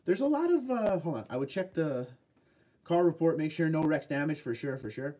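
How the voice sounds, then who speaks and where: A man with a mellow, slightly high voice speaks at a moderate pace with lively intonation. This Boston-accented New Englander, nursing a head cold, hosts a casual livestream in a relaxed way, reading chat comments aloud and answering viewers' questions on trucks.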